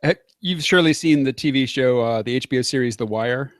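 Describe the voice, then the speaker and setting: Measured American man, dry close sound. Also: medium pitch, dry recording. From United States. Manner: measured, explanatory, with hesitant fillers. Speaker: conversation partner. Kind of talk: casual chat.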